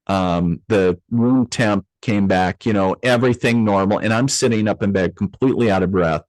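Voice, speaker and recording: A man being interviewed, telling a personal story in a loose, animated way with many fillers and restarts, acting out the voices he quotes. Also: fairly low pitch, normal speed, no echo, low-quality recording. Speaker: interview guest, medium.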